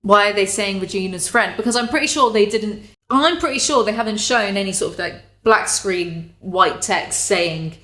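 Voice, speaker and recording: A woman's voice: medium pitch, normal speed, few pauses, bright, forceful tone. Sarcastic woman commentator. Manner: sarcastic, chatty, swears casually. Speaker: commentary YouTuber.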